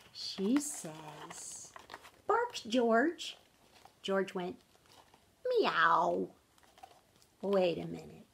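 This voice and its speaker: A woman in her thirties or forties reading a picture book aloud to children, speaking gently and stopping often to ask them questions. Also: medium pitch, vocal fry, slight background noise. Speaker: storytime reader.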